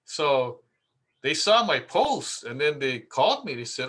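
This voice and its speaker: A man's voice: a little high, very animated, a little slow, fairly bright tone. A man, a contractor, giving casual marketing advice through stories, chatty with many fillers and repeats. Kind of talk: casual anecdotal talk.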